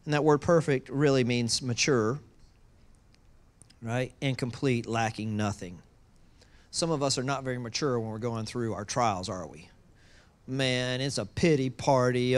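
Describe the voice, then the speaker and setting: A pastor preaching a sermon in a lively way, moving from loud excitement to hushed low tones and acting out voices with humor. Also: a little slow, pauses often. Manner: acts out quoted voices with humor.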